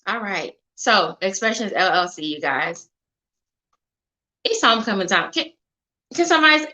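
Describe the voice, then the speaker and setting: Bright-voiced woman hosting live. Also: fairly high pitch, poor audio. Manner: chatty, hypes the audience, says y'all and okay a lot. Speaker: show host. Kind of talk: live-stream talk show intro.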